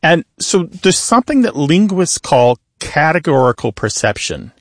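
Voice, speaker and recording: A man's voice: a little high, sing-song, normal speed, no room sound, clean studio sound. A man co-hosting a call-in radio show, explaining language to callers patiently and with examples. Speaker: radio show co-host, linguist.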